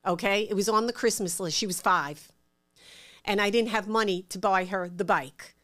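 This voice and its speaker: A middle-aged woman with a New York accent, telling stories from her life in a casual, animated way and acting out the voices in them. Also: medium pitch, moderate pace. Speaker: interview guest. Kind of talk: casual storytelling.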